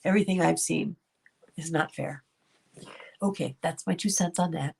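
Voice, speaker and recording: Low-pitched, gravelly, and slightly rough, this middle-aged woman's voice has a darkish tone and moves at a normal speed. She runs a commentary channel and is hosting a casual livestream. She reads the chat, addresses viewers by name, and laughs a lot.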